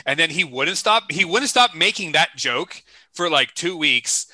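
A man telling excitable, laughing stories in a casual podcast chat. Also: on the high side, a little slow, no room sound. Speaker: podcast co-host.

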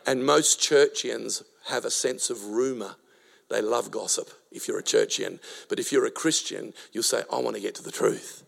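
A man's voice: medium pitch, steady tone, normal speed, vocal fry, fairly bright tone. A man in his sixties from Australia, preaching a sermon with rhythmic rhyming lines and storytelling asides. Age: 60s. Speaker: pastor.

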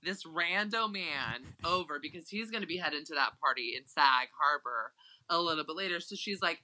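A podcast co-host in casual chat, recapping scenes emphatically and excitably. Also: medium pitch, normal speed, poor audio.

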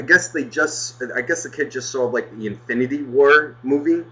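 A man's voice: medium pitch, a little fast, hardly any pauses, pushed and bright, highs cut off. A man telling a story in a casual, exasperated rant, swearing heavily as he goes. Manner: profane, exasperated, heavy swearing. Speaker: podcast co-host.

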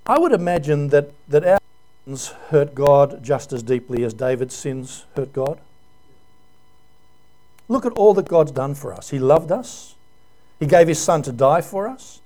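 Pastor guy preaching, pretty high voice, earnest emotional sermon w lots of questions to the church. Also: expressive, a little slow, a little mellow.

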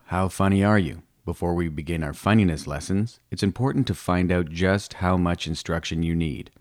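A man reading a humorous book aloud with deadpan, playful delivery. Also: low voice. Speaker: audiobook reader. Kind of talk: comic scripted narration.

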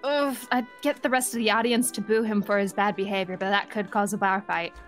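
A woman playing a tabletop game, making quick joking suggestions. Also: medium pitch, steady tone, fairly bright tone, faint music behind. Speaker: player.

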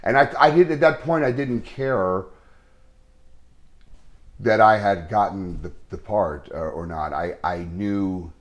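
A man, an actor being interviewed, telling a story in a casual, earnest way, halting often with restarts and fillers. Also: on the low side.

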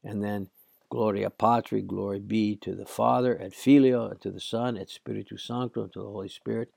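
A man with a hoarse, cracking voice teaching a Latin lesson, translating slowly and haltingly with many fillers. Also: on the low side, fairly even intonation, a little mellow, dry recording, clean studio sound. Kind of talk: slow classroom Latin lesson.

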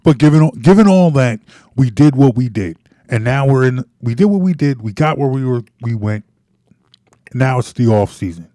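A man co-hosting a casual sports talk show, chiming in with quick agreements and punchy remarks. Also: medium pitch, animated, warm tone, no echo, clean studio sound. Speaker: podcast co-host.

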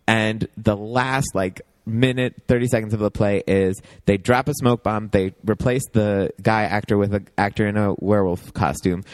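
A man's voice: lowish voice, a little mellow, no room sound. Rambling man, dry close sound. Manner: rambling, many fillers and laughs. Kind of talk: casual chat about a TV show.

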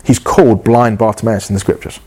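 A man's voice: lowish voice, fairly even intonation, brisk, darkish tone, slightly rough. A man preaching a sermon in an earnest, passionate way, often repeating and restarting his phrases.

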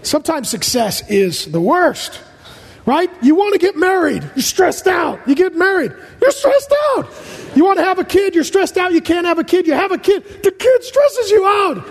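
A pastor preaches a humorous sermon in a large church auditorium, firing off punchy jokes and short lists in rapid succession. His voice is extremely high with big pitch swings, and the reverberant hall carries a faint crowd.

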